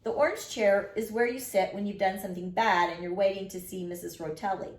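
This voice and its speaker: A woman's voice: medium pitch, fairly quick. A woman reading a children's chapter book aloud, narrating expressively in the first person. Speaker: storyteller. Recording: roomy echo.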